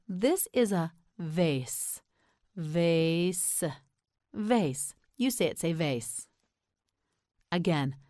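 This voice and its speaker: An American woman teaching English pronunciation, slowly enunciating words and patiently prompting the listener to repeat them. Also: deep voice, no echo, studio quality. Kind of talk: slow repeat-after-me pronunciation drill.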